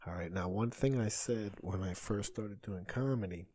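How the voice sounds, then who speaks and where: A man's voice: fairly low pitch, normal speed, warm tone, slight background noise. A man in his thirties, a comedian hosting a solo podcast, talking in a rambling, conversational way that often stops and restarts. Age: 30s. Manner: rambling, self-interrupting, conversational.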